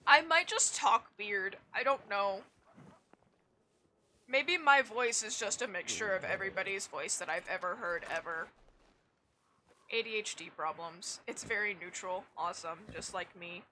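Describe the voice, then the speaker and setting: A woman's voice: mid-range voice, a little slow, sharp tone, a little hiss or hum. A young woman streaming a game, chatting casually, swearing freely and poking fun at herself. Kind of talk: casual gameplay chat.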